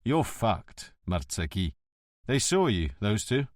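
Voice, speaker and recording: A man's voice: lowish voice, very animated, slow, dry recording, studio quality. A man reading an audiobook, voicing a cunning, hot-tempered police inspector who talks in a biting, theatrical way. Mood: contemptuous.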